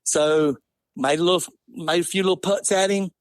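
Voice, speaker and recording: A man, telling an animated, laughing hunting story in casual talk. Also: high voice, moderate pace, no echo. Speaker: podcast guest.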